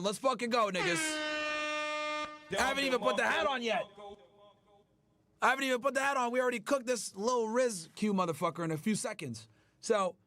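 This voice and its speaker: A man's voice: high voice, pushed and bright, dry recording. Brash, profane man ranting to chat. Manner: profane, emphatic, addresses chat directly. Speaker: livestream host. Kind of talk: casual livestream rant.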